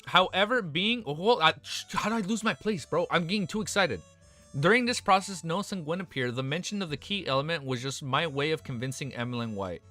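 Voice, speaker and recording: Young male streamer, reads a novel aloud and keeps jumping in with excited reactions, bright voice, faint music in the background. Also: a little high, a little fast. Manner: excitable, breaks off reading to react.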